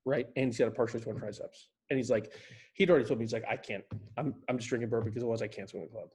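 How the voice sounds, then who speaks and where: A man guest on a casual podcast, telling a long animated golf story in a rambling way. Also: medium pitch, racing, breathy edge.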